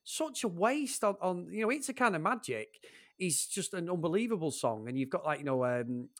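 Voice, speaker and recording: A man's voice: sits high, expressive, normal speed, fairly bright tone. Man, podcast co-host, casual film chat, opinionated, joking.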